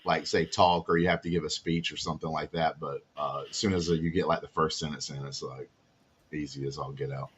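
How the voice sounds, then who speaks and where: A man's voice: very deep voice, steady tone, fairly quick, slight background noise. A man chatting casually as a guest on a talk show, rambling along with lots of "uh" fillers. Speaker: guest, newlywed groom. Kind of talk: casual chat.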